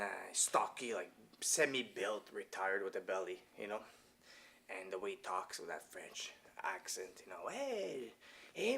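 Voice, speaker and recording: A jiu-jitsu gym owner telling a story in a casual interview. His pitch swings widely and he swears and laughs freely. His voice sits at an ordinary middle pitch for a man. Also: slight background noise.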